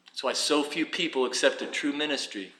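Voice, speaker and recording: Male preacher, high bright tenor, lively sermon delivery, echoey room. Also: brisk. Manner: animated preaching with rhetorical questions and acted-out quotes.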